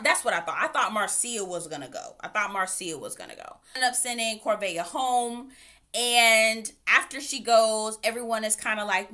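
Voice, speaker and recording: Bright-voiced woman recapping reality TV. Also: a little high. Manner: animated, opinionated, sassy asides. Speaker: TV reality show reviewer. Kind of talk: casual recap and commentary vlog.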